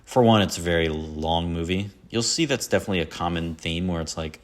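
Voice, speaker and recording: A deep-voiced man talks fairly quickly while hosting a casual solo podcast. His movie talk rambles, pokes fun at himself over his favorite films, and drifts into quoted lines.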